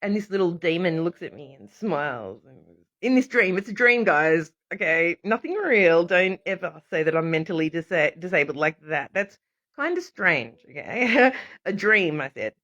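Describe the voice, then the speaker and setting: A woman, talking casually on a livestream in a rambling, animated way and laughing often. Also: fairly low pitch, moderate pace. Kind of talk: casual live stream monologue. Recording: dull lo-fi audio.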